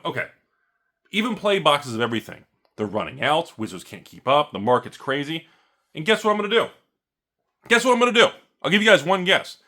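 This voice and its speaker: A man's voice: lowish voice, bright, forceful tone. A man hosting a card-collecting vlog, ranting sarcastically with jokes and asides. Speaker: card store owner and channel host.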